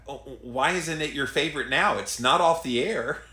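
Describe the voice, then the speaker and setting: A middle-aged man with a Southern US accent, hosting a casual live stream and reading out viewer comments in an earnest, chatty, drawn-out way. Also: on the high side, pushed and bright, reverberant. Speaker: host.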